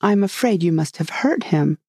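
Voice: medium pitch, animated, normal speed, darkish tone, dry recording, studio quality. A reader voicing a polite, curious young girl in a storybook reading, raising the voice for her exclaiming lines.

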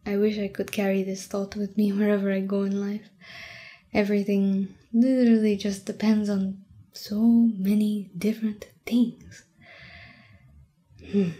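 A woman's voice: mid-range voice, little pitch movement, a little slow, close to an everyday voice. A woman playing a giggly French tutor, whispered role-play. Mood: soft, playful. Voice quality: soft, mostly whispered voice, giggly. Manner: gentle, teasing, chatty. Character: playful young French woman teaching a friend French.

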